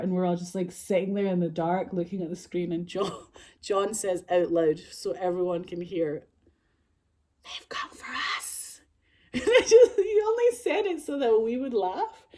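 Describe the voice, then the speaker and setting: A woman's voice: fairly low pitch, dark tone. A woman, telling a story in a rambling, casual way and laughing often. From Scotland. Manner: rambling, heavy use of filler words, laughs often. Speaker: vlogger.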